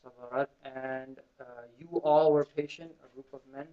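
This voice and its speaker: A man's voice: medium pitch, steady tone, moderate pace. A man teaching beginners Arabic in a classroom, drilling students with call and response. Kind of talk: classroom lesson. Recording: muffled lo-fi classroom recording.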